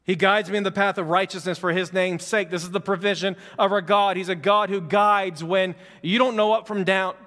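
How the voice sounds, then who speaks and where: Pastor guy preaching, pretty high voice, kinda chatty and fervent, big church echo. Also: steady tone, normal speed, few pauses, bright, forceful tone. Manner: conversational, fervent preaching with repetition. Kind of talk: sermon.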